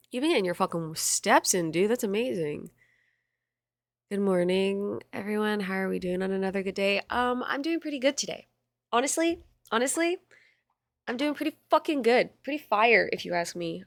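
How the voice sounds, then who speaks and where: A woman's voice: mid-range voice, no echo. A young woman streamer chatting casually and reading chat aloud, bubbly and swearing freely.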